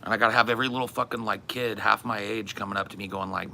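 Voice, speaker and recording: Man, deep, gravelly, sharp forceful tone, rambling profane podcast rant. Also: steady tone, fast, hardly any pauses, slight background noise. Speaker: podcast co-host. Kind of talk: casual comedic rant.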